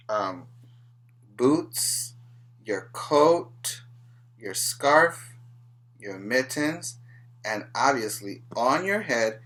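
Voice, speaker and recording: A male preschool teacher leads a virtual class in a slow, drawn-out sing-song, chanting lists to small children. His tone is bright. He speaks gently and patiently. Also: mid-range voice.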